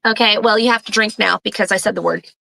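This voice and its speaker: A woman's voice: medium pitch, steady tone, fast talker, gravelly, bright, forceful tone, no echo, poor audio. A middle-aged woman co-hosting a casual podcast, chatting and joking with her live chat. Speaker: podcast co-host.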